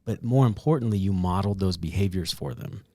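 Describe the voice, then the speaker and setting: A man's voice: low voice, fairly quick, dark tone, dry recording. A man hosting a casual conversation, reflective and affirming, often checking in with "right?". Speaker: host.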